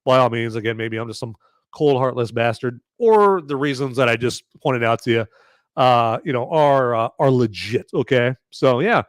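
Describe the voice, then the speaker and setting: A man's voice: mid-range voice, normal speed, no echo, studio quality. A man hosting a live movie review podcast, talking casually and sarcastically with many fillers and frequent "okay?" checks to his chat.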